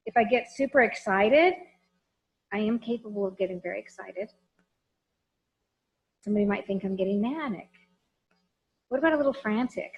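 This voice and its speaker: A woman's voice: mid-range voice, normal speed, long pauses, poor audio. A woman trainer giving a conversational lecture, frank and emphatic, often putting questions to her listeners. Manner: lively, talks straight to the audience with questions.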